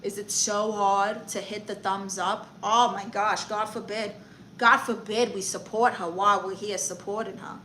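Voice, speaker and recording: A woman with a Brooklyn New York accent hosts a comedy live stream in character, chatty and brash as she greets viewers and reads the chat aloud. Her medium-pitched voice is steady and sharp at a moderate pace. The poor audio has slight background noise.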